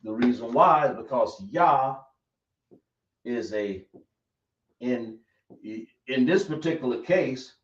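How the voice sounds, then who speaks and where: Slow-speaking male teacher, echoey room. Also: medium pitch, animated, slight background noise. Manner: talks slowly, checks understanding with questions. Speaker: language teacher. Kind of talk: classroom lesson. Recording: echoey room, dull lo-fi sound.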